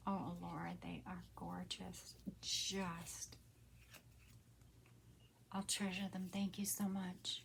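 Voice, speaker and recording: A woman in her sixties hosting a casual craft unboxing, soft-spoken and often hushed, with gasps of delight. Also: on the low side, little pitch movement, takes it slowly, vocal fry, pauses often, a little hiss or hum. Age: 60s. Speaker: crafter and channel host.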